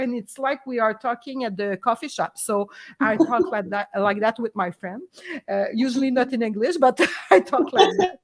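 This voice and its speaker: A woman veterinarian from Quebec, with a Québécois accent and a voice on the high side, hosts a casual live stream. She switches between French and English and sounds chatty and hesitant, using many fillers.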